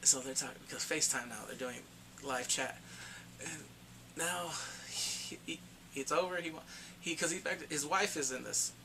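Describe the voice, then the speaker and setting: A man giving a casual spoken movie review, retelling the plot excitedly and acting out the characters' lines. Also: on the high side, normal speed, noisy background.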